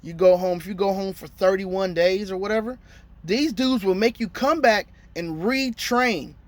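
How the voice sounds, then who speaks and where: A man's voice: high voice, moderate pace. A man in his thirties, a truck driver telling a story in a casual, slangy vlog and acting out his phone calls.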